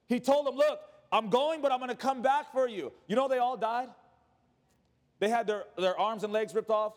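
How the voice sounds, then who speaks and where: Delivering a sermon, a high-voiced pastor shifts between raised, urgent passages and quiet, low ones. His words echo with long reverb, like in a church hall.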